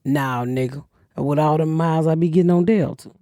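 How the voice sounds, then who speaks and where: A middle-aged woman hosting a comedy podcast, telling stories bluntly with lots of cursing and loud acted-out quotes. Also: deep voice, a little fast, dry recording, studio quality. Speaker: podcast host. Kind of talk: casual comedic chat.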